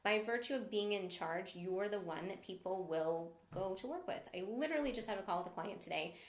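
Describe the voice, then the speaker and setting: An upbeat, encouraging woman teaching a live-streamed sales training. Her voice sits in a middle pitch range and rings with the echo of the room she records in. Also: lively intonation, fairly quick. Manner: upbeat and encouraging, greets viewers mid-talk. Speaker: sales coach.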